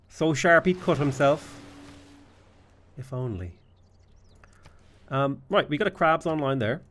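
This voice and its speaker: A man's voice: mid-range voice, slow, long pauses. A man with an Irish accent giving live gameplay commentary and trading jokey banter with his chat. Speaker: streamer.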